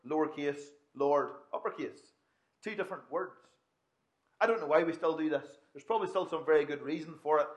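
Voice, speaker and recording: A man's voice: fairly high pitch, fairly quick. A man preaching a sermon in a conversational way, with asides and restarts.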